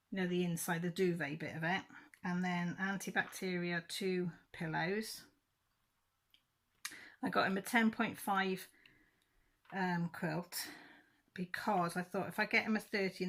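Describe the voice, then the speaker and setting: A woman's voice: fairly low pitch, a bit bright. A middle-aged woman chatting casually to camera, rambling and correcting herself as she goes. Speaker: crafting vlogger.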